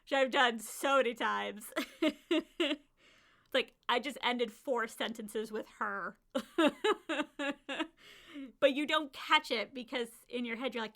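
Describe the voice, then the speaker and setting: A woman's voice: a little high, a little slow, pauses often, a bit bright. A woman hosting a casual solo podcast about writing, chatty, often laughing and acting out her own lines. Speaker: podcast host and author.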